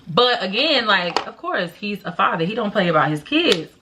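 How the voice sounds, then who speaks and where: Bright, animated young woman telling a story. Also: medium pitch, moderate pace, slight background noise. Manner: animated, dramatic storytelling with loud laughs and hushed whispered asides. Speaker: vlogger. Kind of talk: casual storytime.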